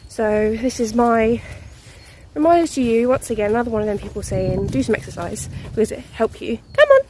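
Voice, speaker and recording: A woman's voice: fairly high pitch, very animated, brisk, darkish tone, a little hiss or hum. A young woman chatting casually to her phone while walking her dog through a muddy forest, a little out of breath and laughing often. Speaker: vlogger.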